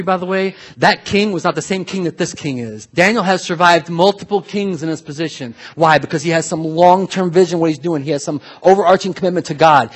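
Husky-voiced pastor preaching conversationally. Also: male voice, sits high. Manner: conversational, acts out quoted voices. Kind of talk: sermon.

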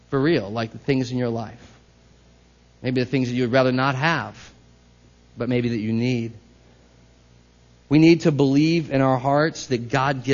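A man's voice: medium pitch, dull audio. A man preaching a sermon as pastor, talking in a conversational way and putting questions to the congregation.

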